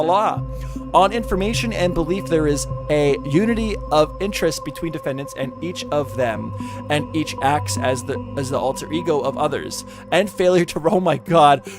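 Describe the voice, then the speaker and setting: A man giving casual reaction commentary, reading out legal text with exasperation, stumbling and swearing. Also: fairly high pitch. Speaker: commentary YouTuber. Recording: music playing behind the voice.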